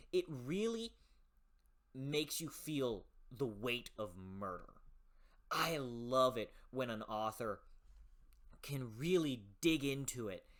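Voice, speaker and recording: A passionate book reviewer with a bright, clear tone and a voice that swings widely up and down. They talk unhurriedly, swear freely and often stumble and restart mid-thought in a casual spoken review. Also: mid-range voice. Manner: restarts and stumbles while thinking aloud.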